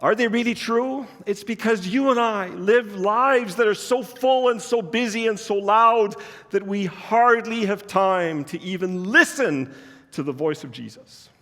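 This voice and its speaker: A man's voice: high-pitched, a little slow, pushed and bright, long reverb tail. A man preaching a sermon as pastor, telling a personal story in a conversational, earnest way.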